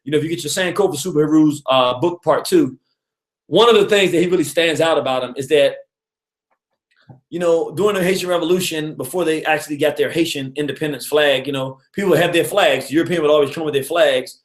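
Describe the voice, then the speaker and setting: A man hosting a casual radio talk on history, an animated storyteller who chuckles often and acts out quotes. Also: fairly high pitch, brisk, reverberant. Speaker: radio show host.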